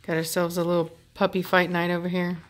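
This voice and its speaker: Woman dog breeder, casual home vlog narration, slightly low pitch, amused and chatty. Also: completely flat delivery, quick pace. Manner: chatty, amused, laughs often. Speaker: dog breeder filming her dogs. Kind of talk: casual running commentary. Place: home with dogs playing nearby.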